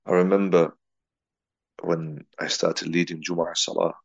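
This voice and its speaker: A man's voice: low-pitched, level tone, unhurried, vocal fry, no room sound, highs cut off. A man from England giving a reflective spiritual talk, telling a personal story and weaving in Arabic and Urdu religious terms. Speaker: religious teacher.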